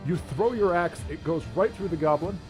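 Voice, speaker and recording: A man's voice: on the high side, normal speed, faint music behind. A man acting as dungeon master, narrating a tabletop game in a playful way and laughing at his own descriptions. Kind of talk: running a tabletop game over voice chat.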